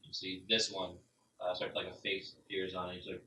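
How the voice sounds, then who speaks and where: Rambling game master in a roomy room. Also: male voice, low voice, completely flat delivery, a little fast, pushed and bright, a little hiss or hum. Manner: rambling, full of filler words. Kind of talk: narrating a tabletop game. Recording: roomy, from a distance.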